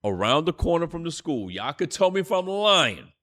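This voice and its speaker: A man's voice: fairly high pitch, big pitch swings, normal speed, fairly bright tone. A man teaching a church class, telling a story with fiery, profane outbursts. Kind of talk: preaching class lesson.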